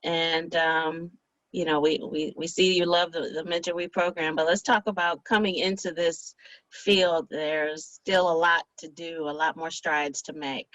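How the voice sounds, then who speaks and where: A woman interviewer who asks questions and gives warm, affirming replies. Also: low-pitched, flat delivery, a little slow, no echo, rough recording. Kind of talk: interview hosting.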